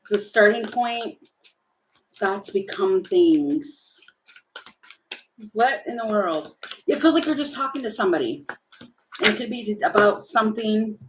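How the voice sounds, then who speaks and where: Slow-talking giggly woman reading tarot. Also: mid-range voice, animated, a little hiss or hum, poor audio. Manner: giggly, chatty, thinking aloud. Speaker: tarot reader.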